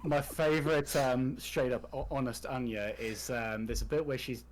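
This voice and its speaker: A man's voice: medium pitch, fairly even intonation, moderate pace, poor audio. A man chatting casually on a podcast about a TV show, frank and freely swearing. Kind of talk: casual TV discussion chat.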